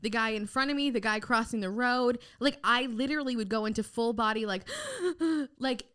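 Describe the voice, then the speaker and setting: A woman's voice: on the high side, fairly quick, clear, resonant tone. A young adult woman, a podcast guest, chatting frankly in a casual interview, telling stories and acting out what people said, with the odd casual swear word. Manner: animated storyteller who acts out quoted lines.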